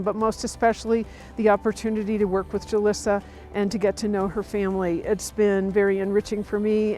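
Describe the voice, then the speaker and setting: A woman mentor in a recorded video tribute, speaking in a heartfelt, gentle way. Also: mid-range voice.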